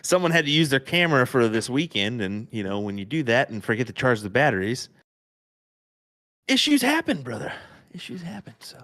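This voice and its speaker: A man's voice: medium pitch, fast, few pauses, a bit bright, no room sound, clean studio sound. A man co-commentating live darts in a laid-back, laughing way, calling his partner bud.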